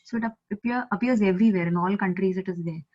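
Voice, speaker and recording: Indian woman, patient teacher, mid pitch, repeats each word slowly, video call audio a bit dull. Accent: Indian English. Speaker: Japanese language teacher. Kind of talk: online language lesson.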